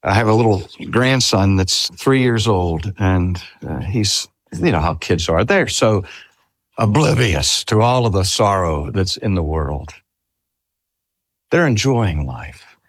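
An older man preaching a sermon, earnest and deliberate, slowing down to stress key words and weaving in personal stories. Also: low-pitched, lively intonation, dry recording, studio quality. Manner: storytelling with personal anecdotes.

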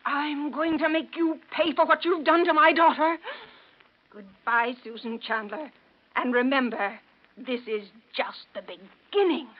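A vengeful, spiteful mayor's wife hisses cold threats in a high voice. It is a 1940s radio drama, and the old recording sounds dull. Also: female voice, unhurried. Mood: menacing.

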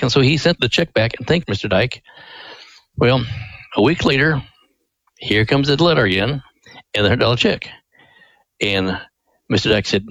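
A man's voice: fairly low pitch, moderate pace, creaky, long pauses, fairly bright tone, dry recording, poor audio. A man being interviewed as a ministry director on a radio show, telling a family story in a folksy, earnest way.

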